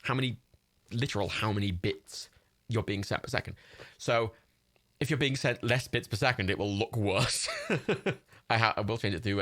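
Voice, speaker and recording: Young English streamer, self-mocking and rambling, dry close sound, lively delivery. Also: male voice, mid-range voice, no room sound. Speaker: livestreamer. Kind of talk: casual gameplay commentary.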